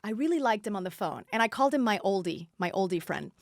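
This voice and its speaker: A woman in her forties from Puerto Rico, a podcast guest telling a story with lively acted-out dialogue. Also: medium pitch, fast, dry recording, clean studio sound. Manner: acts out quoted dialogue, lively and chatty. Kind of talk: animated storytelling. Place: podcast studio.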